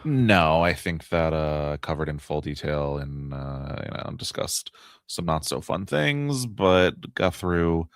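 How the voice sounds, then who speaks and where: A man with a very low voice co-hosting a podcast, talking through a recap in an easygoing way and often breaking into laughter. The sound is dry and close to the mic. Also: animated, slow, clear, resonant tone, no room sound. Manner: laid-back, laughs easily. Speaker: podcast co-host. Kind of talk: casual podcast recap chat.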